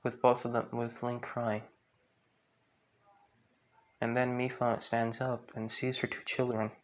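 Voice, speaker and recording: A man's voice: medium pitch, little pitch movement, a little slow. A man retelling a fan story in a rambling way, full of fillers.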